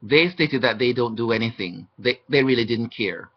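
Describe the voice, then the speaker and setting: Man on a webcam, indignant recounting of mistreatment, mid-pitched voice, muffled low-fi audio. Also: normal speed. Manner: aggrieved, indignant, acting out quoted exchanges. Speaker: former hospital patient recounting mistreatment. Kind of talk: webcam testimony monologue. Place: indoors.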